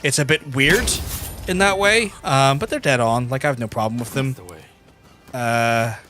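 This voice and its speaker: Chatty, sweary Irish streamer. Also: male voice, medium pitch, unhurried. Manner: chatty, blunt and sweary, with many restarts and 'like'. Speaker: gaming streamer. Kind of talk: casual livestream chat while gaming. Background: game music.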